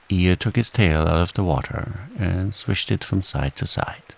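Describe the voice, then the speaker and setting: Deep, gravelly bedtime storyteller. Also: male voice, poor audio. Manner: soft, soothing, unhurried. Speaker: audiobook narrator. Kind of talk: calm bedtime story reading.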